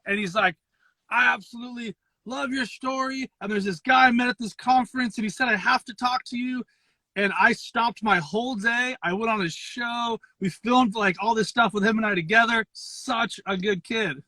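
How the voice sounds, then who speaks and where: A man calling into a live stream from his car on his phone, chatting in a friendly, excited way. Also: extremely high pitch, dry recording, rough recording. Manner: friendly, excited, fast-talking. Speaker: guest caller. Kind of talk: casual chat on a live-stream call.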